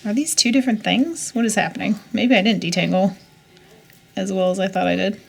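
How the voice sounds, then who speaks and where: Woman, thirties, from the U.S.; gravelly, chatty vlogger muttering to herself. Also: medium pitch, brisk. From United States. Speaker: jewelry reseller vlogger. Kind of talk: casual chat while unboxing.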